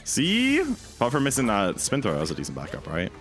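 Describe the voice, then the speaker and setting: Young British male streamer: deep, gravelly, chatty, lively swings in pitch, sudden outbursts. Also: fast talker, soft background music. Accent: British English. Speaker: speedrun streamer. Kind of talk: casual livestream chat.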